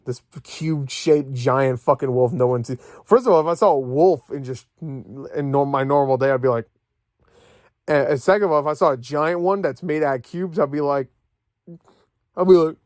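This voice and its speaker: A young man rants in a rambling, sarcastic way, swearing freely as he talks from his bed. His voice sits a little high, and the recording is close and dry. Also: dry recording. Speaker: movie vlogger. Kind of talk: casual rant. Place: at home in bed.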